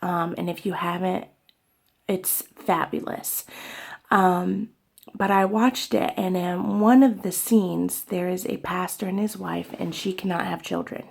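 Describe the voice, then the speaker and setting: Slow, gravelly, husky-voiced woman vlogger. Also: lowish voice, fairly even intonation. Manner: tearful, halting, many fillers and soft whispery stretches. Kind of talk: emotional personal vlog.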